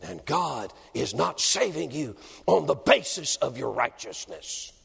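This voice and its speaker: A male evangelist preaching a revival sermon in a church, swinging dramatically between shouting and hushed tones. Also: medium pitch, very animated, a little slow, gravelly, slightly rough. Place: church building. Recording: long reverb of a large hall.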